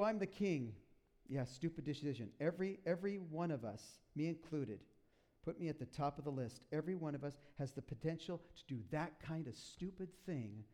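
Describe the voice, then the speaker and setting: In front of a church congregation, a man who is a pastor preaches, acting out characters and adding lively asides as he retells a story. His voice is mid-range.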